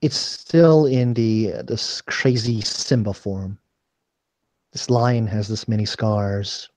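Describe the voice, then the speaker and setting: A man's voice: fairly low pitch, slow, a little mellow, no room sound. Casual young male game master. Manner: casual, rambling, many fillers. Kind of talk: narrating a tabletop game.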